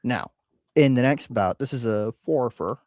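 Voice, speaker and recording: A man's voice: mid-range voice, a little slow, a little mellow, no echo. A man hosting a casual whiskey podcast, rambling with frequent ums and uhs. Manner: rambling, hesitant with many fillers. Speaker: podcast host. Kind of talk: casual chat.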